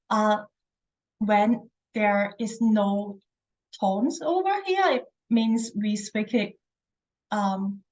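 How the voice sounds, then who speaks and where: Slow, patient woman teaching tones. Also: fairly high pitch, darkish tone, low-quality recording. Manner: patient, demonstrates tones by drawn-out vowel sounds. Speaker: Chinese language teacher. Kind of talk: slow pinyin tone lesson.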